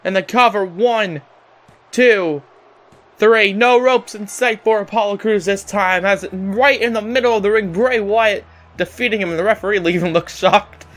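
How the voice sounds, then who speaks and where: A man giving excitable play-by-play commentary over a wrestling video game as a gaming channel host, keeps saying "ladies and gentlemen.". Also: high-pitched, normal speed.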